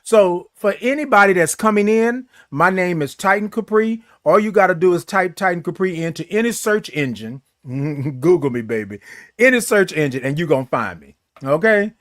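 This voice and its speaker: A playful, flamboyant man hosts a morning livestream, his voice sitting high for a man. He chats loosely with viewers and drags his greetings out long. The sound is close and dry, with no room echo. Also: expressive, moderate pace, fairly bright tone. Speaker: host of a morning livestream show. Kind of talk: casual livestream chat reading viewer comments.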